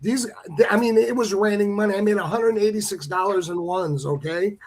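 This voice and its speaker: High-voiced man telling a funny story. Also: fairly quick. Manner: animated, jokey storytelling. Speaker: guest. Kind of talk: casual storytelling on a talk show.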